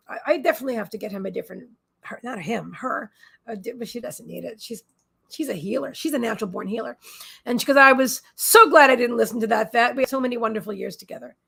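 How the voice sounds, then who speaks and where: A woman with a high voice and a gravelly edge hosts a live psychic reading stream from home. She rambles casually and emotionally, reading out viewer comments and breaking off to talk to her dog under the desk. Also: a bit bright.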